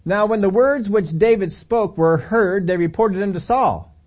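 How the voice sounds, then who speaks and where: A man's voice: high-pitched, measured pace, a little mellow. A middle-aged male pastor preaching a sermon, telling the story animatedly with acted-out quotes and chuckles.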